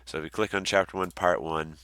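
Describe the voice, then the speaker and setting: Low bright-toned man, dry close sound. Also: fast talker, clean tone, dry recording. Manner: relaxed, many ums and uhs, friendly asides. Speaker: course instructor. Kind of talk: casual recorded course walkthrough.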